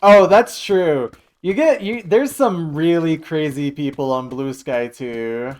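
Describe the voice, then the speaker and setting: A man's voice: fairly high pitch, slow, darkish tone. A man streaming live, chatting casually and jokily while reacting to his chat. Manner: rambling, jokey, reacting to chat.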